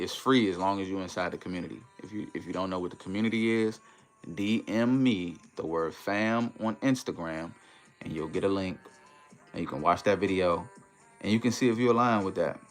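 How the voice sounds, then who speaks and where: A man hosting a casual livestream in a relaxed, easygoing way, reading viewer comments aloud and greeting them. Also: sits low, quick pace, soft background music. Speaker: livestream host.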